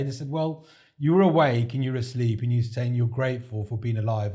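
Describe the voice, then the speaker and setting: A podcast guest and heart transplant recipient, this man has a mid-range voice with a touch of mellowness. He narrates his experience chattily in a casual interview, playing out others' remarks as quoted dialogue.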